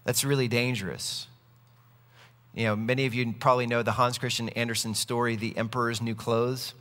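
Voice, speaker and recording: A man's voice: mid-range voice, level tone, a little fast, bright, forceful tone, big-room sound. A man preaching a sermon, earnest and conversational, telling stories as he goes. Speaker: pastor.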